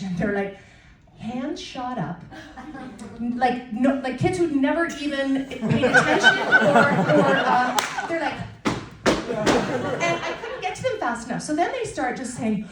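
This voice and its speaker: A middle-aged woman performing a stand-up routine, telling stories in an animated, self-mocking way on a comedy club stage. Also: sits high, measured pace, noisy background. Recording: distant mic in an echoey room with a loud crowd. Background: audience laughter and cheers.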